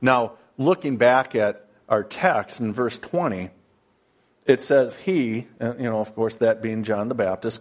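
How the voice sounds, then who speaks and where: Slow-paced male preacher. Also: mid-range voice. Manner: slow, conversational preaching that builds to emphatic, rising passages; plain storytelling with frequent fillers. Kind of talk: sermon.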